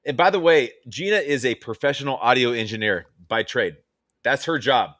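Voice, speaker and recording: A man's voice: mid-range voice, lively intonation, normal speed, a bit bright, no room sound, clean studio sound. Loose, rambling male stream co-host. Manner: rambling, lots of fillers and swearing. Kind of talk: casual chat.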